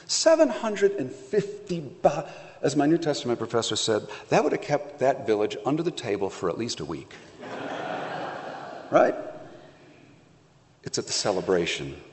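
A pastor preaching a conversational sermon, telling the story playfully with acted asides. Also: male voice, mid-range voice, very animated, fairly quick, long reverb tail.

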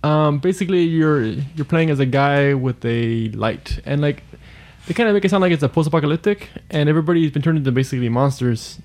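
Male podcast co-host, loose rambling delivery, slightly higher register. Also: brisk, a little mellow. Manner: rambling, laughs often, trails off mid-sentence. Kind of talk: casual chat.

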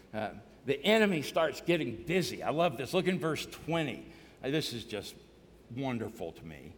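A man preaching with fire and big swings between loud calls and quiet reading. His voice sits high for a man. The sound rings out with a long reverb in a large church hall. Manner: energetic, shouting and singing to the congregation. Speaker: pastor. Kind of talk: sermon.

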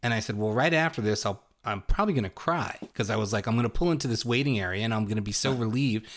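A man's voice: fairly low pitch, fast, fairly bright tone. A man hosting a podcast, telling anecdotes in a wry, dry way. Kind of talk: casual chat.

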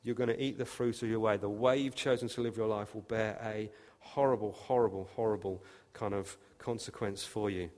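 A man's voice: on the low side, fairly even intonation, a little fast. Man preaching in a reverberant hall. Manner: emphatic, rising loud on quoted scripture. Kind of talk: sermon.

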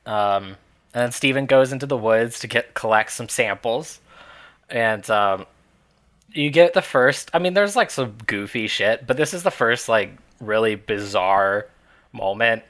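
A man's voice: mid-range voice, animated, unhurried, fairly bright tone. Man recapping a movie with wry laughs. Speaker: podcast co-host. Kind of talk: casual movie recap chat.

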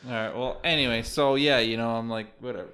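A man's voice: medium pitch, fairly even intonation, quick pace, pushed and bright. A man co-hosting a crude, casual podcast, swearing heavily and ranting with animation. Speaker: podcast co-host.

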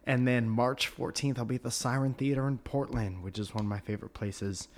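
A man's voice: mid-range voice, fairly even intonation, fairly quick, a little hiss or hum. A man hosting a podcast, chatting casually and joking while plugging his stand-up dates. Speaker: comedian and podcast host. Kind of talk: casual chat.

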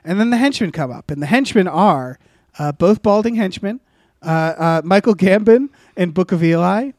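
A man's voice: high voice, animated, moderate pace, darkish tone, dry recording, studio quality. A man co-hosting a comedy podcast, rambling through an improvised story with many filler sounds and restarts. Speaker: podcast co-host.

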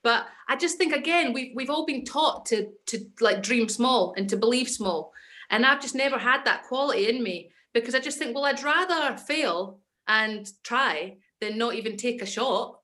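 A woman's voice: fairly high pitch, lively intonation, moderate pace, pushed and bright. A young Scottish woman, an actress and comedian, chatting as a podcast guest and telling stories with confident enthusiasm. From Scotland. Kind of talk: casual podcast chat.

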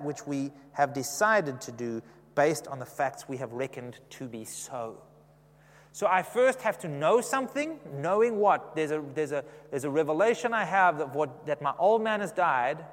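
A man's voice: fairly high pitch, lively intonation, normal speed, in a large hall. A man preaching a sermon in a conversational way, often asking the congregation questions.

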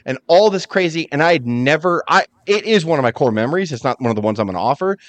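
A man hosting a casual podcast, telling stories with animation and acting out the lines he quotes. His voice sits at a middle pitch. The sound is dry and close. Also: fast talker, few pauses, no room sound. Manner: animated storyteller, acts out quotes. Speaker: podcast host. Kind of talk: casual chat.

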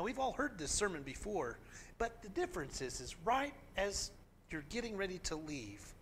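A pastor preaching a sermon in an earnest, emphatic way, now and then reading scripture aloud with dramatic force. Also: male voice, a little high, fairly bright tone, slight background noise.

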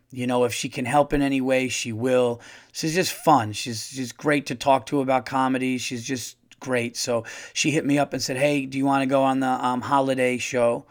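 A man hosting his own podcast as a comedian, talking in a casual monologue, profane and animated, rambling with restarts. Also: medium pitch.

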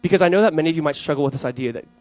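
A young man, a pastor, preaching a sermon to his congregation, telling animated stories and acting out voices in his anecdotes. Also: fairly high pitch, very fast, low-quality recording.

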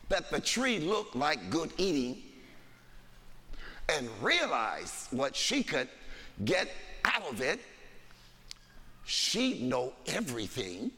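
A man's voice: on the high side, pushed and bright. A man preaching a sermon, reading scripture aloud with dramatic emphasis in a church sanctuary. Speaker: pastor. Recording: long hall reverb.

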